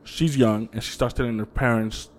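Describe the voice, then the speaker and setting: A man co-hosting a podcast, telling ghost stories in a loose, swearing, animated way and acting out the voices of the people in them. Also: mid-range voice, normal speed. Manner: profane, animated storyteller who acts out quotes. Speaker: podcast co-host. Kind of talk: casual chat, storytelling.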